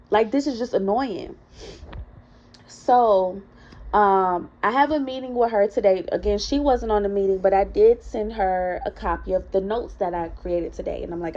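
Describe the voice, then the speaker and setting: A woman's voice: medium pitch, normal speed, mellow. A woman telling a story from her own life in a casual vlog, chatty and candid, talking straight to her viewers. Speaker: vlogger. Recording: dull lo-fi recording.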